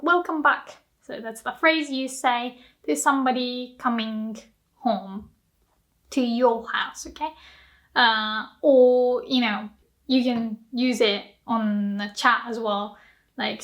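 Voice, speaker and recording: A woman's voice: high-pitched, fairly bright tone. A woman teaches a casual language lesson. She is chatty and laughs often as she explains with examples. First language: Japanese.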